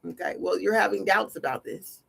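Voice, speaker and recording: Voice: mid-range voice, moderate pace, vocal fry, fairly bright tone, breathy edge. A tarot reader hosting a casual livestream, talking in a blunt, slangy, scolding way. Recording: noisy livestream audio.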